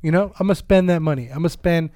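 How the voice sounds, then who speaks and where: A man's voice: a little high, very fast, warm tone, no echo. A man co-hosting a casual podcast, rambling and repeating himself, laughing often, in a soundproof studio. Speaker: podcast co-host. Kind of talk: casual group chat.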